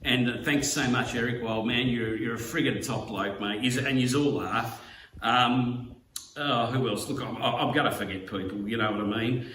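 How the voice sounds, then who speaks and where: A man's voice: mid-range voice, a bit bright. Emotional Australian man, distant and roomy. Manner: emotional, halting, full of fillers and swearing. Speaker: slot car YouTuber. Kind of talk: heartfelt video message. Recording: roomy, distant mic, faint background hum.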